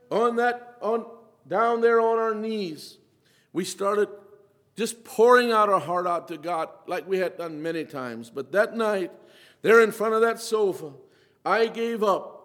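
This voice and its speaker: A high-voiced man delivers a sermon testimony with raw emotion. His delivery swings between hushed, low passages and urgent, pleading outcries. The sound rings with the long reverb of a large hall. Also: unhurried. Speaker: preacher giving testimony.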